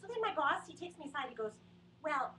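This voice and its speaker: A woman's voice: high voice, big pitch swings, rapid-fire, pushed and bright, slight background noise. A woman doing a rambling, self-deprecating stand-up comedy set in a small studio. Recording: roomy sound from a distant webcam mic.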